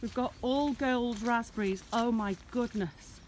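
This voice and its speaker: A chatty woman with a slightly high voice walks through her farm fields, filming herself on a handheld camera. She talks in a meandering, affectionate way about her plants and animals. Faint rural sounds carry on softly behind her in the open air. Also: a little slow, slight background noise. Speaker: shepherdess showing her smallholding. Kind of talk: casual walking tour vlog.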